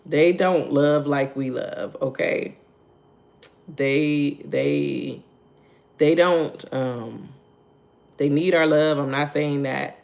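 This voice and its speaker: A woman's voice: deep voice, drawn-out words, creaky, long pauses, darkish tone. A woman hosting a casual devotional livestream. She laughs often, repeats her points, greets viewers by name and keeps asking "right?" and "okay?". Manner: asks "right?" and "okay?" to draw listeners in. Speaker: host of a morning devotional livestream.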